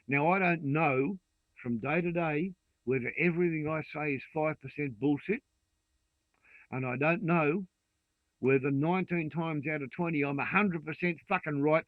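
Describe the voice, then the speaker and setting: A man's voice: fairly high pitch, dry recording. A man in his sixties with an Australian accent, ranting vehemently and swearing freely in a monologue to camera. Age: 60s. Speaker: vlogger. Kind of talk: angry rant to camera. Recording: dry tinny phone-like sound.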